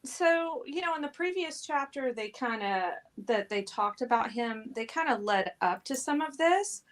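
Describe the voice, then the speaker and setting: A woman's voice: sits high, lively intonation, moderate pace. Chatty, giggly woman guest. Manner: chatty, giggly, many "you know" fillers. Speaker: guest co-host. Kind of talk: casual chat.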